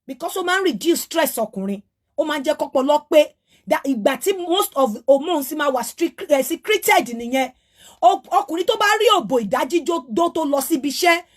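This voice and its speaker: Very high-voiced Nigerian woman lecturing. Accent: Nigerian, Yoruba. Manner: lecturing, repeated rhetorical questions; switches between Yoruba and English. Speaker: host. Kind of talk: opinionated monologue.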